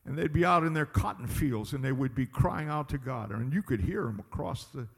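A man's voice: medium pitch, lively intonation, a little fast, gravelly, husky, big-room sound. A man preaching a sermon as pastor, emphatic and drawing out his words. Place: church sanctuary.

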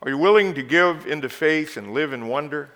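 A male pastor preaching a sermon. He moves from quiet, intimate passages to loud exhortation and leads the congregation in call-and-response. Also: fairly high pitch, expressive, brisk.

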